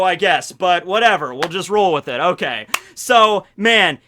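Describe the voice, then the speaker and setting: Young male anime youtuber, bright and lively, rambling and self-mocking. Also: high-pitched, a little hiss or hum. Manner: animated, rambling, self-mocking with quick laughs. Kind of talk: casual video commentary.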